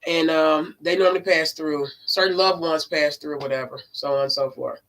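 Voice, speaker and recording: A woman who reads tarot cards, telling a story in a casual vlog. She talks emphatically and swears, swinging between loud and low. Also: steady tone, normal speed. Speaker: tarot card reader.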